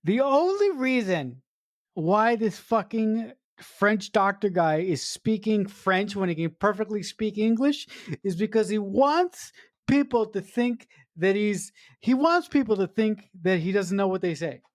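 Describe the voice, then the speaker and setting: A woman's voice: mid-range voice, expressive, unhurried, no echo, clean studio sound. A woman co-hosting a podcast, breaking down a film in casual chat, ranting with swearing and stumbling over fillers. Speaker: podcast co-host.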